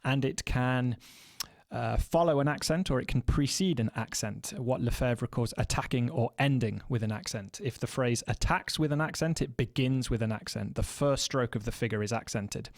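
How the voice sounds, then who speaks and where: A man teaching snare drum technique in a measured, explanatory way, counting beats aloud and now and then correcting himself. His mid-pitched voice is recorded dry and close, with no room around it. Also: no room sound. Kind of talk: instructional music lesson.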